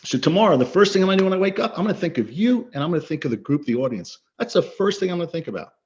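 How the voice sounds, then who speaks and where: A man's voice: a little high, big pitch swings, racing, darkish tone. A middle-aged man, a coach and guest speaker, talking earnestly and emphatically in an interview, often repeating words for stress. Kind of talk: interview conversation. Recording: slightly dull lo-fi audio.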